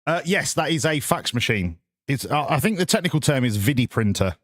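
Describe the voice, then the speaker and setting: A man's voice: mid-range voice, very animated, a little fast, a bit bright, no room sound, clean studio sound. Sweary man on a livestream. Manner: sweary, sarcastic, rambling, reads chat aloud. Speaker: streamer. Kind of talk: casual live-stream chat.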